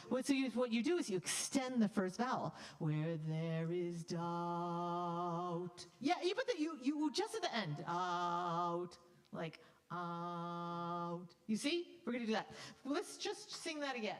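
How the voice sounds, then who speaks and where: A woman choir director coaching a choir in rehearsal, upbeat and brisk, breaking into sung demonstrations. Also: sits high, sing-song, low-quality recording.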